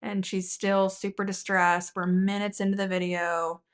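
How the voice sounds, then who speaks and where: A woman's voice: mid-range voice, little pitch movement, moderate pace, smooth. Indignant woman hosting a commentary channel. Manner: indignant, reading out viewer comments. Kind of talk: critical video commentary.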